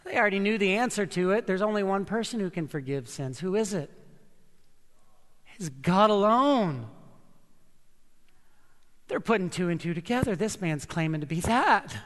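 A man preaching a sermon, earnest and emphatic, with slow dramatic pauses. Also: high voice, expressive, a bit bright, long reverb tail. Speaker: pastor.

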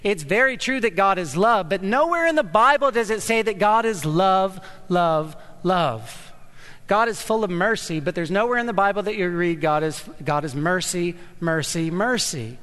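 A man preaching a sermon as pastor, emphatic and animated, repeating words for stress. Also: sits high, fairly quick, few pauses, in a large hall.

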